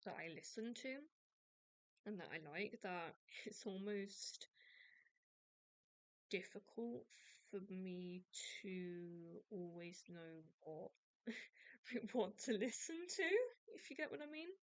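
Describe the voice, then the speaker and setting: A woman's voice: lowish voice, expressive, slow pace, long pauses, clean tone, no echo. A young English woman hosting a podcast, chatting casually and rambling with many restarts and self-deprecating asides. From England. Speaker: podcast host. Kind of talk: casual chat.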